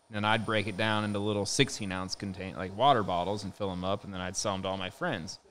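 A man's voice: on the low side, fast talker, few pauses, a bit bright, smooth. A man, hosting a podcast and telling stories in casual chat, laughing often and swearing freely. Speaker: podcast host.

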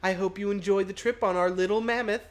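A woman voicing a chatty, folksy middle-aged female tugboat pilot in a video game, with a slightly hoarse put-on voice. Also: mid-range voice, steady tone, quick pace, voice pushed up, natural voice. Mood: friendly.

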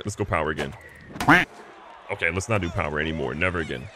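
A young man casually commentating his own baseball video game, excitable and joking, swinging between hype and mock despair. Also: low-pitched, racing, noisy background. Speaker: gaming channel host. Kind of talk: live gameplay commentary.

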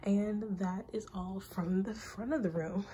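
A young woman vlogger, slightly out of breath, gives a casual, rambling tour of her bedroom. Her medium-pitched voice is warm, steady and measured, she chats with many ums, and there's a little hiss or hum.

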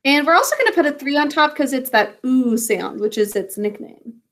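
Brief: a woman as a high, bright-voiced phonics teacher, slowly sounding out words. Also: expressive. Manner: slow, drawn-out sounding out of words; encouraging praise for students. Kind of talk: spelling and phonics lesson.

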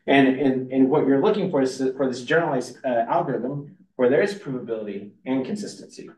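A man's voice: medium pitch, fairly quick, darkish tone. Guy lecturing in a big roomy hall, mic far off, keeps restarting sentences and saying uh. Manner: rambling, self-interrupting, many restarts and fillers. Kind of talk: university lecture.

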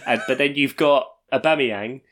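A man's voice: mid-range voice, moderate pace, a bit bright. A man co-hosting a sports podcast in casual chat, joking and riffing on numbers. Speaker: podcast co-host.

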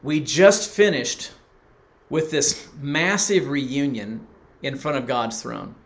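A man's voice: medium pitch, slow. Middle aged guy preaching, telling a story about his own life, acts out the quotes. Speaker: pastor. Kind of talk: sermon.

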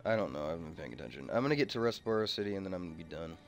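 A man's voice: sits low, lively intonation, racing, gravelly. Man, gaming commentary, casual, blunt, swears a lot, mutters. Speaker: let's play co-host.

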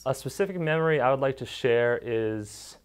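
Clear and resonant at a mid-range pitch and moderate pace, this young interviewee reminisces casually about his days as a camper and counselor. He leans on "like" a lot and performs the kids' quotes as he tells them.

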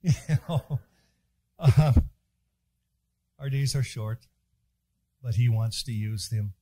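A man's voice: on the high side, fairly even intonation, measured pace, pauses often, mellow, husky, no echo. A man preaching a sermon in a chapel, folksy and joking as he tells stories.

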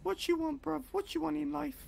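A woman's voice: high voice, steady tone, a little fast, darkish tone. A woman voicing a brash young male robber with a Manchester accent, taunting and boasting in a game role-play. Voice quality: gravelly, calls everyone mate and bruv.

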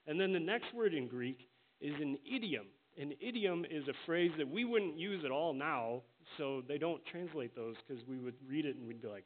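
A man preaching a sermon as pastor, earnest and emphatic, slowing down to stress the words he quotes. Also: a little high, lively intonation. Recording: tinny phone-like sound with faint hiss.

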